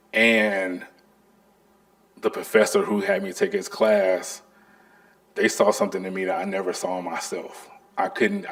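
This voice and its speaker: A man, giving an animated storytelling lecture as an artist. His voice is heavy with gravel and fry. His pitch swings widely as he acts out the people in his stories. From North Carolina.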